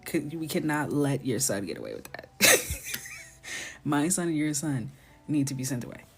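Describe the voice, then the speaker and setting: Low-voiced woman chatting on a coloring stream, playful, slips into whispers, faint music behind. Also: a little fast. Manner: playful, animated storytelling, drops to whispers. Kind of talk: casual live-stream chat while coloring.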